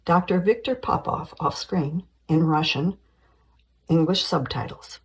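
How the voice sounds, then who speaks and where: A woman's voice: low voice, measured pace, breathy edge, low-quality recording. A woman screenwriter reading a screenplay aloud, giving stage directions plainly and evenly.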